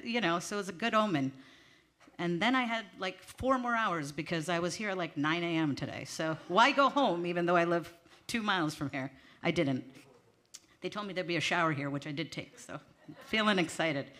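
A woman performs stand-up on a small theater stage, speaking into a handheld mic. Her voice sits a little low yet sounds bright and forceful. She chats nervously and pokes fun at herself as she goes. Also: expressive, moderate pace. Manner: nervous, chatty, laughing at herself. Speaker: stand-up comedian. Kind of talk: stand-up comedy set. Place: small theater stage before a live audience.

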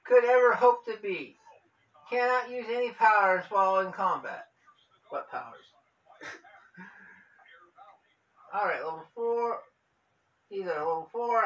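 Wry lively man at a game table. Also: high voice, muffled recording. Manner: wry, swears casually, reads cards aloud. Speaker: card game player. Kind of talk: casual banter at a card game. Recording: distant room mic.

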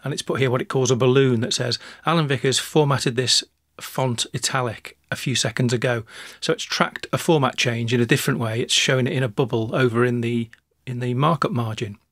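A man narrating a screencast software tutorial, talking through each step in a relaxed way with small restarts. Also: medium pitch, fairly quick, few pauses, no room sound, clean studio sound.

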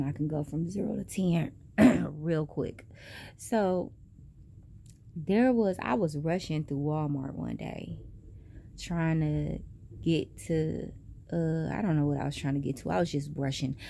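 A young woman telling a story in a casual vlog, animated and profane, with big jumps in pitch. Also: measured pace, creaky, slight background noise. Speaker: vlogger.

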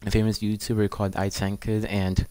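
A man with a lowish voice gives casual game commentary for his channel. He is eager and pleading and keeps turning to his viewers as "guys". The sound is dry and close, with no room around it. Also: flat delivery, brisk, mellow, clear, resonant tone, no echo. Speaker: gaming channel host.

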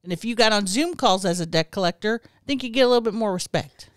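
Smug deadpan male exec, played by a woman in a comedy bit, mock-stern, dry close voice. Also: medium pitch, fast talker, clear, resonant tone, no room sound, lightly acted. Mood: frank. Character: smug male boss posing as a customer. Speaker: podcast co-host. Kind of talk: improvised comedy sketch.

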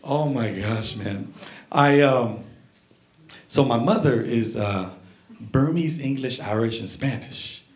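Animated male stand-up comedian. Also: mid-range voice, slow, crowd noise. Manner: animated, acts out voices. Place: comedy club stage. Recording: echoey club with audience laughter.

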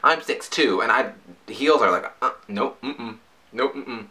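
A man reviewing song lyrics in a casual, jokey way, breaking into high yelps. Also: a little slow, pushed and bright. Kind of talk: casual comedic commentary.

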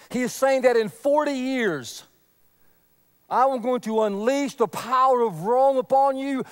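A man preaching a sermon, earnest, swinging from loud emphasis to a near whisper. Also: very high voice. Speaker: pastor.

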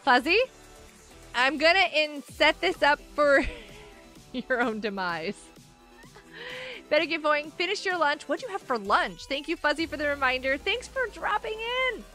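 A woman's voice: high-pitched, lively intonation, unhurried, long pauses, pushed and bright, faint music behind. A woman hosting a casual gaming livestream, chatting with viewers, giggling often and reading out chat messages. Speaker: livestream host.

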